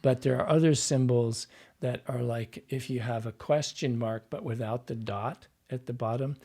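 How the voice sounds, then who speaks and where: A man with a husky, slightly breathy voice talks like a patient teacher. He breaks down speech sounds step by step and voices examples as he goes. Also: mid-range voice, normal speed. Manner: animated teacher, demonstrates sounds as he explains. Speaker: dialect coach guest. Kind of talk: explanatory interview talk.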